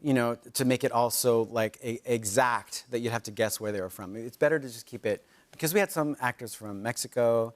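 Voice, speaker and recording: A man chatting as a guest on a talk show in a dry, deadpan way. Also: mid-range voice, fairly quick. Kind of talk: casual chat. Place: TV studio with live audience. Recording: studio audience and room noise.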